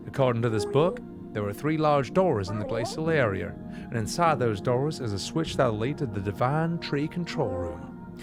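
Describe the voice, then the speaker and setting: A man's voice: mid-range voice, expressive, normal speed, lightly acted. A man voicing a genteel, bookish male scholar who explains things in a drawling manner, with game music behind him.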